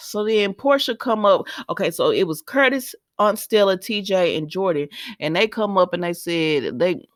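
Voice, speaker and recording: A woman's voice: medium pitch, expressive, measured pace, no echo, clean studio sound. A woman recapping a soap opera in a chatty, emotional way and talking straight to her viewers. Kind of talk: casual spoken recap.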